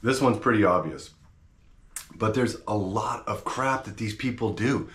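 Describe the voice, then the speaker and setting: A man's voice: fairly low pitch, a little slow, a bit bright, reverberant. A man hosting his own channel, talking straight to camera in a blunt, slangy, fired-up rant. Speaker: channel host.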